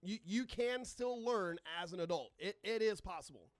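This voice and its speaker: A man's voice: sits high, lively intonation, normal speed, no echo. A man hosting a live astronomy stream, chatting casually, swearing and reading out and answering viewer comments, sarcastic toward trolls. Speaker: astronomy livestream host.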